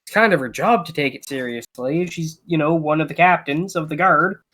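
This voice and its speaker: A man's voice: on the high side, brisk, fairly bright tone. A man playing a tabletop game, speaking bluntly and plainly about plans. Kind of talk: casual gaming banter.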